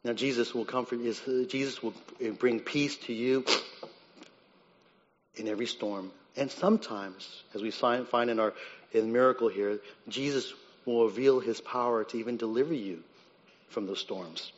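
A man's voice: medium pitch, moderate pace. Man preaching in an echoing hall. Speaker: pastor. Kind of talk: sermon. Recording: dull sound with long reverb in a large hall.

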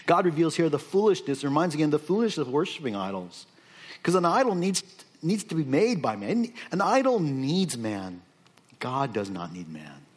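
A man's voice: a little high, very animated, moderate pace, husky. A man preaching on scripture, reading verses aloud and explaining them off the cuff with frequent fillers and restarts. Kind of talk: expository sermon.

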